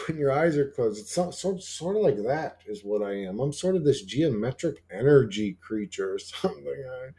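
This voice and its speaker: A man rambling casually as a channel host, swearing often and full of fillers and restarts. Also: warm tone. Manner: acts out quoted dialogue in a higher voice.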